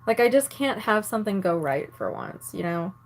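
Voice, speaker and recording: A woman's voice: medium pitch, animated, normal speed. A woman vlogger ranting casually to the camera while doing her makeup, angry and exasperated, swearing often and filling her talk with "like". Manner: exasperated, swears a lot, filler-heavy. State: angry and annoyed.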